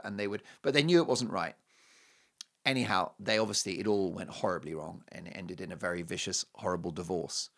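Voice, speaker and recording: A man with an English accent, hosting a commentary show and telling a story with playful asides. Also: mid-range voice. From England. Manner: animated and playful, with mocking asides and quoted voices. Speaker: show host.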